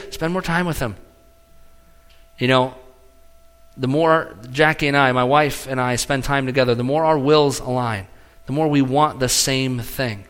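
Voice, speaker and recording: A middle-aged man preaching a sermon as pastor, with animated swings in pitch and loudness between earnest emphasis and quiet lines.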